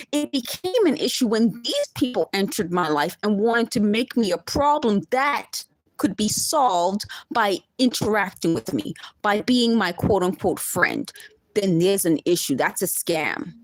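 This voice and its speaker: A woman's voice: medium pitch, very animated, a little slow. A woman, talking straight to camera in an emphatic, indignant monologue with laughing asides. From the Bronx, New York. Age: 50s. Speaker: vlogger.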